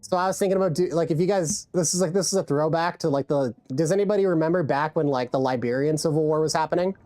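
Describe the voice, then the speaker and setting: A woman's voice: deep voice, fast, dark tone. A woman game streamer chatting casually and profanely, rambling with many restarts into a desk mic. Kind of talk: casual live-stream chat.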